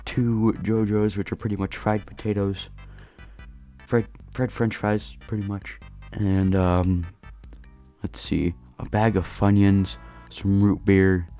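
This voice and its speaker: A man with a low, mellow voice tells a storytime voice-over at an unhurried pace. He rambles and pokes fun at himself as he talks, with faint music playing underneath. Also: level tone. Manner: rambling, self-deprecating storytelling. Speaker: gaming channel host. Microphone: voice-over recorded late at night.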